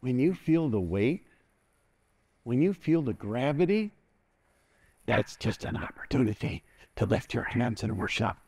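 A man preaching an energetic sermon as pastor in a church, calling for responses and laughing often. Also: mid-range voice, a little slow, long pauses, husky.

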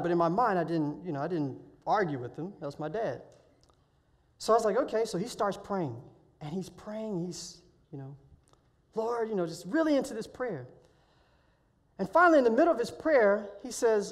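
A man preaching a week-of-prayer sermon, telling a personal testimony in an animated storytelling way that swells loud when excited. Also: high-pitched, brisk. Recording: long hall reverb.

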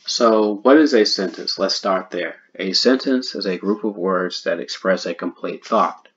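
A man teaching a grammar lesson, speaking slowly and deliberately and repeating the key points. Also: low-pitched, a bit bright, highs cut off.

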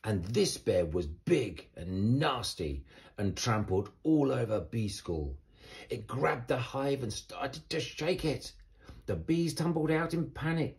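A man reading a children's bedtime story aloud in a gentle, expressive way. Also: mid-range voice.

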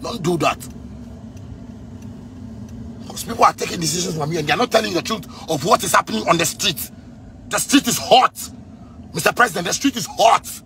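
A man in his thirties from Ghana with a Ghanaian Pidgin English accent, delivering an angry, repetitive rant with frequent shouting. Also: high-pitched, a little fast, pauses often, slight background noise. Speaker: musician ranting on video.

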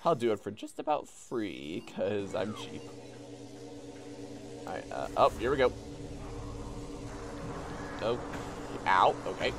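A man streaming a game, giving casual, excitable commentary, swearing at enemies and mocking himself. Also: fairly low pitch, takes it slowly, pauses often, faint music behind.

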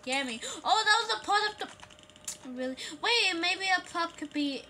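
Excitable high-voiced woman gaming. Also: a little hiss or hum. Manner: excitable, shrieks and laughs, repeats words rapidly. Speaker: gaming video creator. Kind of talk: casual gameplay commentary.

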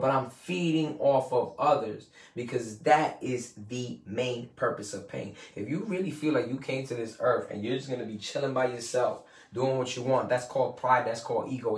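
A man hosting a podcast, giving a casual, profane motivational talk, rambling and emphatic and quoting people in put-on voices. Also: medium pitch. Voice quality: swears freely, slangy street talk. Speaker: podcast host. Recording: roomy and distant from the mic.

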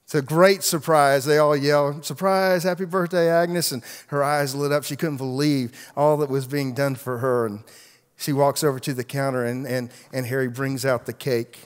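A man's voice: mid-range voice, moderate pace, smooth. Man preaching a story in a reverberant hall. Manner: animated storyteller acting out voices, with repeated restarts. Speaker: pastor. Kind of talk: sermon storytelling. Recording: long reverb of a large hall.

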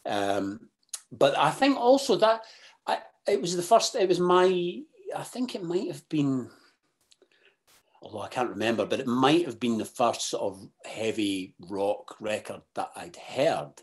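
A Scottish man talking as a podcast guest, halting and full of restarts, then bursting into animated, sweary asides. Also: medium pitch. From Scotland. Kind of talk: casual interview chat.

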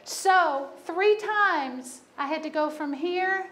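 A woman's voice: extremely high pitch, slow, a bit bright. A woman pastor preaching a sermon, telling a personal story with humor and emphatic repetition.

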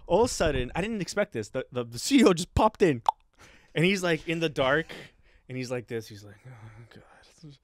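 A man's voice: on the high side, lively intonation, brisk, no room sound. A young adult man co-hosting a comedy podcast, telling a story in a rambling way, with many restarts and bursts of laughter. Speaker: podcast co-host.

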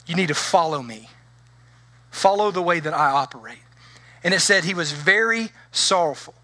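Guy pastor giving a sermon, high bright voice, acts out quotes, dry sound. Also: animated, normal speed, dry recording.

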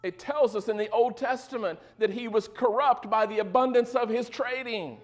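A man's voice: extremely high pitch, moderate pace. A male pastor preaching a sermon in a conversational way, with joking asides and frequent questions to the congregation.

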